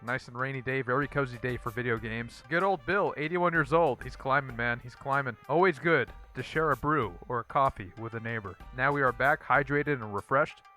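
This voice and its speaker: Male gaming host, bright tense tone, dry repetitive verdicts, faint music underneath. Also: medium pitch, fairly quick, hardly any pauses. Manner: repeats one-word verdicts in a dry, flat way. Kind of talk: casual gameplay commentary.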